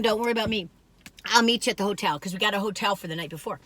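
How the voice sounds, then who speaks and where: A woman's voice: medium pitch, very fast, fairly bright tone, dry recording. An older woman, chatting and rambling as she tells stories in a food review vlog. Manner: chatty and rambling, acts out quoted voices. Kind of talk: casual storytelling chat to camera.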